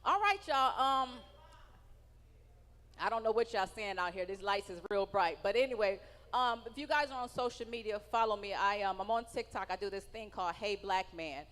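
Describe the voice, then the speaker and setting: A woman's voice: mid-range voice, normal speed, fairly bright tone. A woman doing a stand-up comedy set on stage, brash and profane, teasing people in the audience. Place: comedy stage in a large hall. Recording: live venue with long hall reverb.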